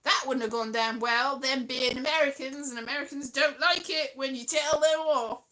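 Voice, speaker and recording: British woman, 40s, stream host, bright and sharp tone, loose rambling chat. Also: high voice, steady tone, moderate pace. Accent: British English. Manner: rambling, chatty storytelling. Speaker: livestream host. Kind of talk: casual chat with live viewers.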